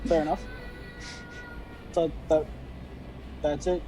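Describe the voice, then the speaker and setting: A man playing a tabletop game, asking dry, deadpan questions. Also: sits high, measured pace, over music, low-quality recording. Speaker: player. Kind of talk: casual tabletop play.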